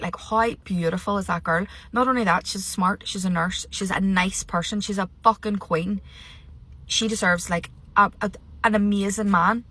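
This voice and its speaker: A woman's voice: mid-range voice, bright, forceful tone, no room sound. A woman ranting sarcastically and with lots of swearing while filming herself on her phone in a parked car. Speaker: vlogger reviewing a reality show. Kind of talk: casual ranting commentary. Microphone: phone held at arm's length.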